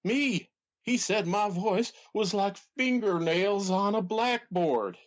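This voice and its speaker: Man doing announcer impression, drawling, halting delivery, colorful insults, comedy podcast. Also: high voice, lively intonation. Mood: indignant. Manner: hesitant, drawn-out, colorful put-downs. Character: folksy Southern wrestling announcer, blustery, easily riled.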